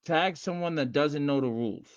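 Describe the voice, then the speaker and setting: A man hosting a casual livestream, hyped and streetwise, repeating himself and shouting out viewers by name. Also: fairly high pitch, normal speed, dull audio. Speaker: livestream host teaching game rules.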